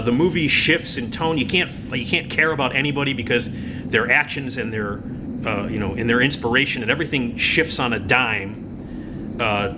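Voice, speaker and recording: A man's voice: medium pitch, noisy background. A middle-aged man giving a blunt, profane spoken film review, full of fillers and restarts. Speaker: film critic.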